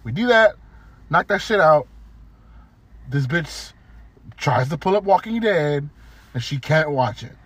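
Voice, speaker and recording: Profane, animated man telling a story. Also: a little high, unhurried, pauses often, dry recording. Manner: profane, animated storytelling with mocking quoted voices. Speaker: podcast co-host. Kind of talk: casual chat.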